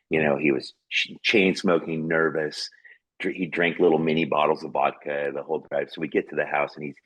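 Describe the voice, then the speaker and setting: An earnest man recounts a family memory as a podcast guest, rambling and full of fillers. His voice sits extremely low and comes out husky and breathy. The recording is dry and close. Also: no echo, dull audio. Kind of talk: personal storytelling in conversation.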